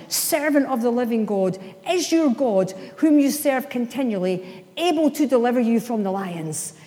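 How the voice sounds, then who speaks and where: A woman's voice: fairly high pitch, mellow. Woman preaching in a reverberant hall. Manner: emphatic, playful asides, slows down for emphasis. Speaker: pastor. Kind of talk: sermon.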